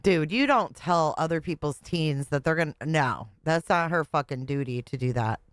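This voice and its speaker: A woman's voice: deep voice, moderate pace, no room sound. Sarcastic swearing woman, dry close mic. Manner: blunt, sarcastic, swears freely. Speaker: reaction video host. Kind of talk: snarky commentary.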